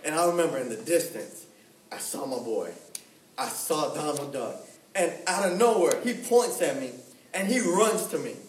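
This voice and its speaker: A young man with a high voice preaches in a loose, storytelling way, full of slang and acted-out voices. He sounds set back from the mic. The echoey room has a faint hiss behind him. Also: moderate pace, recorded from a distance. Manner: animated, slangy, acts out voices. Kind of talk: storytelling sermon.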